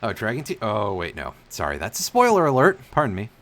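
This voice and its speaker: A man streams a role-playing game in casual let's-play style, muttering the on-screen text under his breath and cracking jokes with the occasional swear. His pitch swoops wildly, and his voice is fairly quick and a bit bright.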